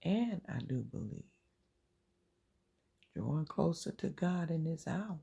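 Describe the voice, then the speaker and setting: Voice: medium pitch, sing-song, takes it slowly, vocal fry, mellow, slightly rough. A channel host giving an earnest, informal inspirational faith talk, repeating phrases and dropping into whispers to make a point.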